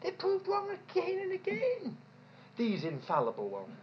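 Woman, preacher, sermon, animated, rhetorical questions, lively pitch, dull lo-fi recording. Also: moderate pace, slight background noise.

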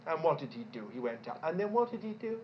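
A woman preaching a sermon in an animated way, asking rhetorical questions and repeating points for emphasis. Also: sits low, fast talker, a little hiss or hum. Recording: dull lo-fi recording.

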